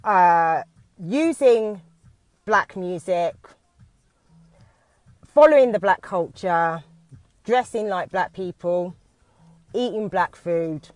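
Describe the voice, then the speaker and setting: A British woman who teaches dance talks into her phone from inside a parked car on a live video, nervous and halting, with frequent restarts. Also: fairly low pitch, animated, darkish tone, no room sound. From United Kingdom.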